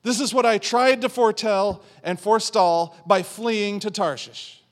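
A male pastor delivers a sermon in a fairly high voice. He tells the story with animated energy, dropping in playful asides and acting out the characters' lines. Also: a little slow.

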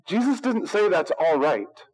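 Pastor guy preaching, high voice, joking sarcastic asides, sounds like a radio broadcast. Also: big pitch swings, measured pace, a little mellow, low-quality recording. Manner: conversational, wry and sarcastic, acts out quoted voices. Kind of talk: sermon.

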